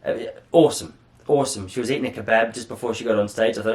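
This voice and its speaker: A man's voice: on the low side, fast, a little mellow. Rambling Australian man podcasting solo. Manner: rambling, chatty, self-deprecating, swears casually. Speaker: podcast host. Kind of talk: solo casual monologue.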